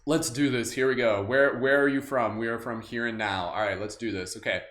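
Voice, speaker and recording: A male meditation host guides a live group in a brisk, steady tone, his mid-range voice fairly bright. The mood is casual and cheerful with frequent laughs and fillers, heard via a livestream camera mic in a room with echo.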